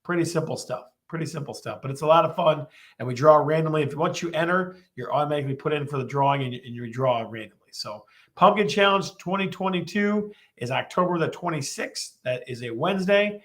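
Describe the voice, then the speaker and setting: A man's voice: fairly high pitch, lively intonation, fairly quick, a bit bright. A man hosting a live-streamed real estate show, talking with lots of energy and repeating his questions to the viewers.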